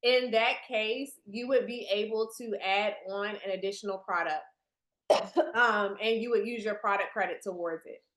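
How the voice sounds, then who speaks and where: A woman's voice: medium pitch, steady tone, moderate pace, a bit bright, echoey room. Chatty woman leading a training call. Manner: chatty, addresses the audience directly. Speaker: team leader presenting to new distributors. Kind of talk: business training presentation on a video call. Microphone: video call.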